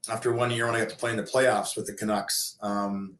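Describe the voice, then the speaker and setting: Middle-aged male podcast guest; low-pitched, rambling casual stories, roomy echo. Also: little pitch movement, brisk, fairly bright tone. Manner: rambling, many fillers and restarts. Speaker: guest, former pro hockey player and coach. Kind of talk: casual storytelling in a podcast interview.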